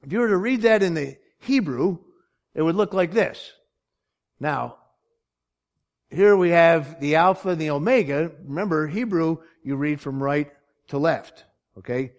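A man's voice: on the high side, unhurried. Man preaching and quizzing his congregation. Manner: teaching from slides, asks the congregation questions. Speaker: pastor. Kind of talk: sermon. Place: church sanctuary.

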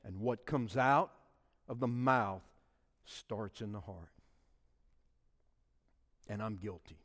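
A man preaching a sermon, swinging between shouted emphasis and hushed, quiet asides. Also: fairly low pitch, slow, in a large hall. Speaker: pastor.

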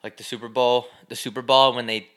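A man's voice: medium pitch, level tone, fairly quick, fairly bright tone. A young man co-hosting a podcast, chatting casually and telling crude, rambling jokes with lots of fillers. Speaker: podcast co-host. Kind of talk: casual chat.

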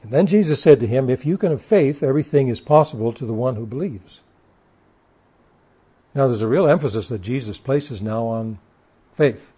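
A man's voice: mid-range voice, expressive, moderate pace, dark tone, breathy edge. A man preaching a sermon, reading scripture aloud and explaining it with emphatic stress on key words and occasional stammered restarts.

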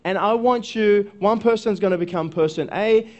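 A man's voice: high voice, moderate pace, darkish tone, dull audio. Man coaching a live seminar audience. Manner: conversational, keeps checking in with "okay?", repeats phrases. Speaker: workshop speaker and coach.

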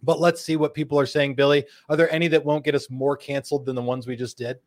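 A man's voice: medium pitch, flat delivery, quick pace. A man hosting a live cigar show, joking and bantering playfully with his co-hosts and viewers. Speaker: podcast host.

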